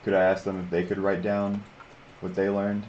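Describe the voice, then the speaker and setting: A man playing a tabletop role-playing game, thinking out loud in a hesitant, casual way. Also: deep voice, completely flat delivery, moderate pace, dull audio, slight background noise. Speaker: player.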